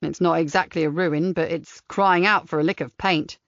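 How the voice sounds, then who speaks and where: A woman's voice: sits low, fairly even intonation, normal speed, creaky, dry recording, pitched below the performer's own voice. A woman voicing a shrewd male detective with a wry, knowing manner. The recording is dry and slightly dull.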